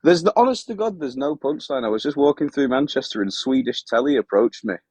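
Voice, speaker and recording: A man's voice: mid-range voice, big pitch swings, fast talker, darkish tone, no echo. A man calling into a phone-in show, rambling and pushing on with his story after being told to leave. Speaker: caller. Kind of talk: phone-in call.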